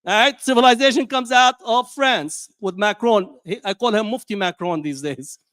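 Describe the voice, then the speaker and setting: A middle-aged man lecturing to a crowd. His voice sits very high, with a smooth, resonant tone. He drives his points home emphatically and checks in with rhetorical asides, and the recording is dry and close. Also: moderate pace, a bit bright, no echo. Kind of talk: public lecture.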